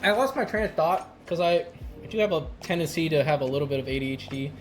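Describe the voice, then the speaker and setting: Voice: medium pitch, animated, quick pace, soft background music. A streamer chatting casually while cooking on a live stream, rambling and laughing often. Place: home kitchen.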